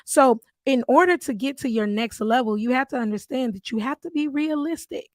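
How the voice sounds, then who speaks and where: A woman with a high-pitched voice talks fairly quickly, with no echo. She's a mother of three hosting a podcast, telling a personal faith story in an earnest, storytelling way with warm asides.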